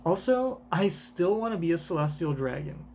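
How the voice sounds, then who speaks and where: A man's voice: a little high, sing-song, moderate pace, darkish tone, slight background noise. A man doing a coy, scheming woman scientist. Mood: wheedling. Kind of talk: reading a manga aloud in voices.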